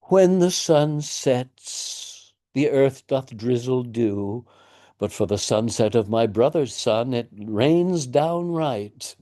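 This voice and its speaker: A man reading the part of a blustering, pompous father who coaxes his daughter in a slow, sing-song voice. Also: mid-range voice, expressive, warm tone. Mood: coaxing. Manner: slow, sing-song coaxing like talking to a toddler. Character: blustering middle-aged father, pompous patriarch.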